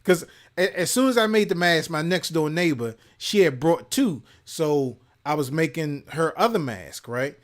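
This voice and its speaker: A man from Maryland, co-hosting a gaming show, telling a profane story in casual chat and shouting out the lines he quotes. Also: a little high, expressive, moderate pace. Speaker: podcast co-host.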